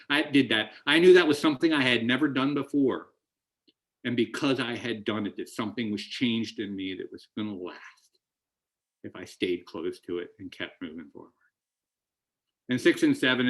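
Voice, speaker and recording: A man's voice: on the low side, a bit bright. A middle-aged man speaking at a recovery meeting, telling his story in an earnest, emotional way with many restarts. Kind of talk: recovery talk.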